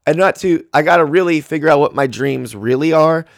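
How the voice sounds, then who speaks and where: A man's voice: fairly high pitch, a little fast, gravelly, no echo. A man hosting a solo podcast, ranting and rambling candidly into a close mic. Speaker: podcast host. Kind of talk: casual solo podcast rant.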